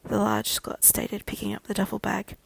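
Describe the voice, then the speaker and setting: A woman narrating a fan fiction audiobook in a steady storytelling manner. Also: medium pitch, moderate pace, creaky, slightly rough, no echo, low-quality recording.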